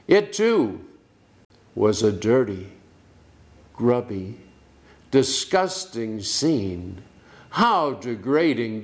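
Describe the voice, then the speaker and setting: Slow, deliberate male preacher. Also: mid-range voice. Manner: slow, deliberate delivery with dramatic pauses and emphasis. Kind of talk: sermon.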